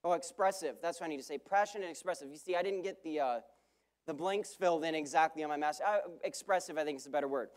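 A man preaches from the pulpit in a sermon style. His voice sits a little high, and he hammers home key phrases by repeating them. He breaks off now and then for quick asides where he corrects himself. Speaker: guest preacher.

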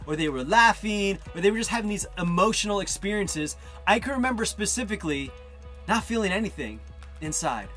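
A man in his thirties with a fairly high voice tells his own faith story. He is lively and does little voices for the people he quotes. Soft music plays faintly behind him. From northern New Jersey. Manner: animated, acts out quoted voices. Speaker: testimony speaker. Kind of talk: personal faith testimony.

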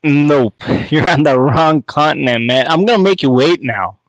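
A man's voice: a little high, normal speed, no echo, poor audio. A man from Canada calling in to a live chat, laid-back and teasing. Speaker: caller.

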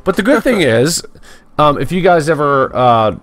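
A man's voice: fairly high pitch, big pitch swings, normal speed, fairly bright tone, dry recording. A man co-hosting a podcast in easygoing casual chat, leading with questions and folksy phrases. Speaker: podcast co-host.

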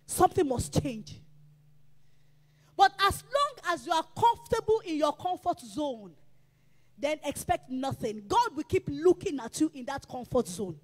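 Woman preacher, very high and urgent voice, hammering refrains, reverb-heavy church hall. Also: big pitch swings, normal speed. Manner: emphatic, repetitive exhortation with shouted peaks. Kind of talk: sermon.

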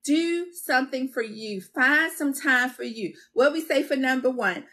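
A woman's voice: sits high, measured pace, pushed and bright. Woman giving a motivational self-care talk. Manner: encouraging, repetitive, preacher-like cadence addressing viewers as y'all and Queens; casual and conversational with confessional asides. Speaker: self-care coach hosting her channel.

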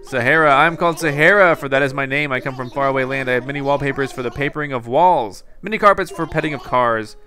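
A man's voice: medium pitch, fast talker, few pauses, sharp tone, lightly acted. A man voicing Sahara, a wandering female camel carpet merchant who speaks in a stilted, formal way in a video game. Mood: grandiose.

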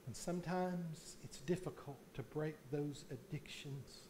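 Pastor guy preaching slow in church, kinda high voice, gets loud on the big points. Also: a little hiss or hum. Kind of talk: sermon. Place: church sanctuary.

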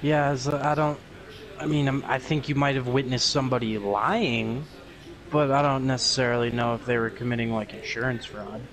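A man's voice: mid-range voice, fairly even intonation, moderate pace, fairly bright tone. A young man, a podcast co-host, joking wryly in casual chat and laughing often.

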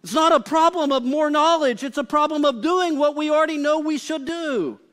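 Brief: male pastor with a very high voice, preaching in a chatty, joking way. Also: moderate pace, fairly bright tone. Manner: conversational and humorous, with frequent filler "like". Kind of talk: live sermon.

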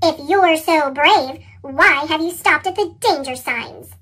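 A woman reading the part of a boastful, teasing boy engine, with her voice pitched up into a chipmunk sound. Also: slow, pushed and bright, heavily acted. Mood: mocking. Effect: chipmunk pitch-shifted voice.

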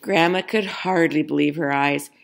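A woman reading a children's picture book aloud in an expressive, unhurried storytelling manner. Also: deep voice, vocal fry, slight background noise. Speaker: storybook reader.

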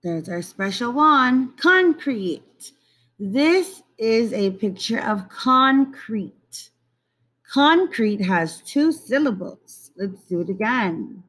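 A woman teaching young children to read in a recorded video lesson. She speaks at an unhurried pace and stretches and repeats every word. Her manner is coaxing and encouraging. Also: on the high side, lively intonation, a bit bright. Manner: slow, drawn-out word repetition, coaxing.

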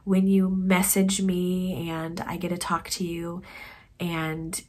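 A woman vlogger chats casually to the camera about her knitting projects, her voice soft and conversational, often trailing off quietly. Her pitch is fairly low and monotone, and she takes it slowly.

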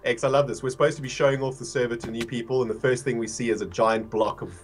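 A man's voice: mid-range voice, fairly even intonation, fast, faint music behind. A man co-hosting a casual gaming livestream, laid-back and enthusiastic, laughing often. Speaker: livestream co-host.

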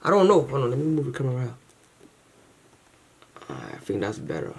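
A man hosting a reaction video, chatting casually to camera in a rambling, slangy way full of fillers, excited and grateful. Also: mid-range voice, brisk, vocal fry, slightly rough.

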